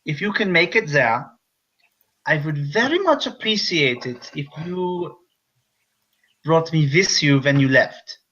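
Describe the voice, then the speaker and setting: A man's voice: lowish voice, slow pace, bright, forceful tone, dull audio, voice pushed down. A man voicing a scheming German doctor, slipping between French and German accents. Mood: polite. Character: scheming male German doctor, captive in psych ward.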